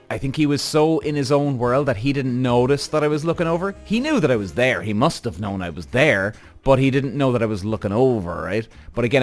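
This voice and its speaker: A man hosting a podcast, telling a story in an animated, swearing rant aimed straight at his listeners. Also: mid-range voice. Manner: animated, addresses audience directly, frequent swearing and acted-out quotes. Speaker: podcast host.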